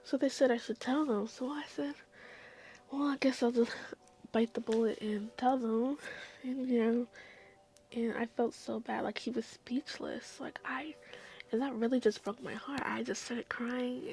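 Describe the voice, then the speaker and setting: Gravelly young woman, rambling vlog story. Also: a little high, fairly even intonation, moderate pace. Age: young adult. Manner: rambling, emotional, drifts into soft whispers. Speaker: vlogger.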